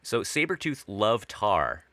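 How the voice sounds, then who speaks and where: Man, podcast co-host, casual chat, lively swinging pitch, bright tone, swears a lot, laughs easily. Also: takes it slowly, no room sound. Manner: excitable, swears, laughs often.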